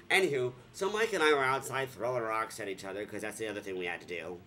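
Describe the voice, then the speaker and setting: A man from Vermont telling a story on his vlog, joking and sarcastic, sometimes breaking into squealing high voices. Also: quick pace, hardly any pauses, bright, forceful tone, a little hiss or hum. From Vermont, USA. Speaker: vlogger. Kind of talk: casual comic storytelling.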